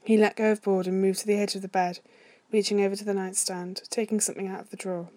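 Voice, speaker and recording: A woman narrating fan fiction aloud in a steady, soft-spoken reading voice. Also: medium pitch, quick pace. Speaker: story reader.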